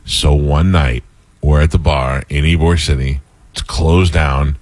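A man hosting a casual talk show, telling animated stories with laughter. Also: extremely low pitch, measured pace, dry recording. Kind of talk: casual storytelling chat.

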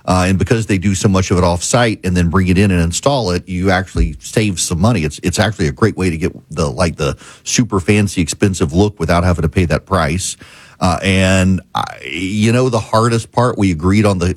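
A man's voice: low-pitched, fairly quick, dry recording. A male talk radio host chatting casually and rambling with many restarts. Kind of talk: casual chat. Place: radio studio.

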